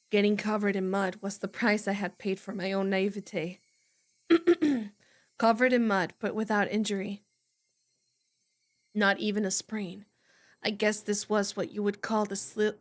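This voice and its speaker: A woman's voice: mid-range voice, level tone, a little slow, natural voice. A woman reading the first-person narration of a wary, paranoid teenage boy in a readalong, in a tense, self-warning inner monologue.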